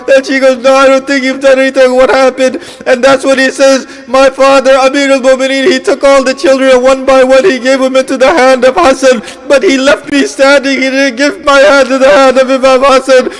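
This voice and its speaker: High-voiced man preaching a mourning sermon. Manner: asks rhetorical questions and repeats phrases; retells scenes with quoted dialogue.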